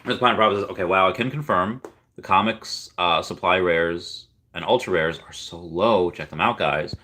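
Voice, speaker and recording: Low-voiced man hosting a casual livestream. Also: normal speed, bright, forceful tone, a little hiss or hum. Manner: rambling, reads viewer comments aloud. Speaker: livestream host.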